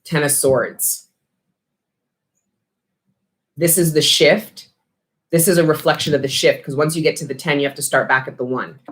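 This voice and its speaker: A woman's voice: deep voice, normal speed, long pauses. A woman giving a casual spiritual tarot reading, talking bluntly with lots of swearing and street slang. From Canada. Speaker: tarot reader.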